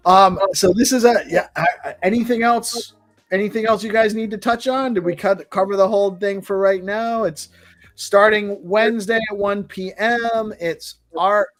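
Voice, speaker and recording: A man's voice: high voice, steady tone, a little slow, soft background music. A man hosting a casual live audio chat, upbeat and enthusiastic. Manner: upbeat, enthusiastic, laughs often. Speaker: host.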